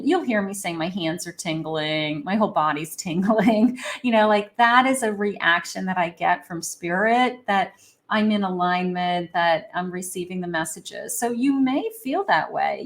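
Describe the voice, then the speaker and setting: A woman, a psychic, giving a rambling, casual tarot reading with many fillers. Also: medium pitch. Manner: acts out lovers' quoted lines.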